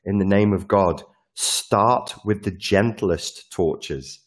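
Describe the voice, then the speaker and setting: A genteel old-fashioned king, as a man reads out his letter, earnestly asks his lords for mercy in their methods. The voice is deep, and the delivery is slow and courtly. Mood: pleading. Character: pleading old-fashioned male king writing to his torturers.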